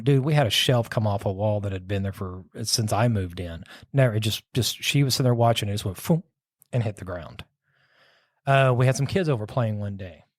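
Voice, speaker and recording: A man's voice: mid-range voice, darkish tone, no room sound, studio quality. A man casually telling a long ghost story, rambling and circling back with "so anyways.". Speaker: podcast host telling a story.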